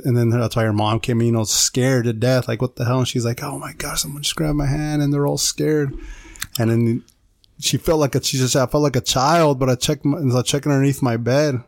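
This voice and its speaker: A man's voice: mid-range voice, darkish tone. A man co-hosting a podcast, telling a story in a casual, rambling way and saying "dude" a lot.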